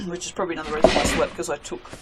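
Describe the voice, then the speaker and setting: A woman's voice: deep voice, rapid-fire, very noisy. A woman chatting casually to her viewers while making soap, self-mocking and talking to herself as she works. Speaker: soap maker.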